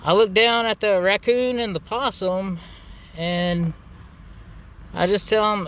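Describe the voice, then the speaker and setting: A man's voice: high-pitched, fairly even intonation, takes it slowly, long pauses, a bit bright, clean tone. A man telling a casual, profane anecdote in a laid-back way, full of fillers. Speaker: gaming channel host.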